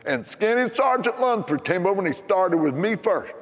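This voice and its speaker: An older American man preaching a sermon in a church, telling a story with animated, emphatic punchlines. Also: high voice, normal speed, in a large hall. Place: church sanctuary.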